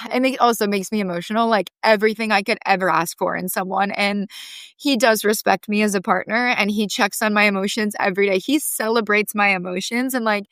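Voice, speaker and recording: A young woman guest on a podcast, telling a personal story in a heartfelt, animated way with lots of "like". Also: mid-range voice, brisk, dry recording.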